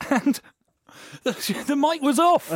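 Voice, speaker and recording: A man's voice: very high-pitched, no echo, studio quality. A young man, a comedian, chatting casually and acting out little scenes with laughter. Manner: animated, laughing, acts out voices in anecdotes. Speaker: comedian guest. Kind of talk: casual podcast chat.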